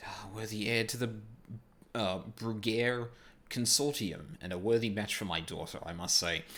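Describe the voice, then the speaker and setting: A man voicing a pompous, wealthy older merchant who blusters and shouts for his guards in a game reading. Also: lowish voice, normal speed. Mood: fawning.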